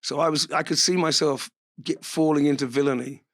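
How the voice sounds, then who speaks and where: A man's voice: on the high side, steady tone, fairly quick, fairly bright tone. A man, an interview guest telling stories casually, swearing freely and laughing as he talks. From England. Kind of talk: casual storytelling.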